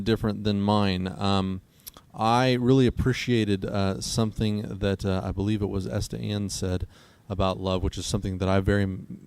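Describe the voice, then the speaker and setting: A man co-hosting a casual debate conversation, talking haltingly with many fillers and restarts. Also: on the low side, darkish tone, clean tone. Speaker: co-host.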